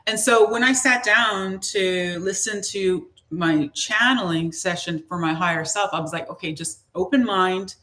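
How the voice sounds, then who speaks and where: A woman's voice: medium pitch, unhurried, hardly any pauses, sharp tone. A woman who is a spiritual teacher tells a personal story in a casual, rambling way, full of restarts and fillers.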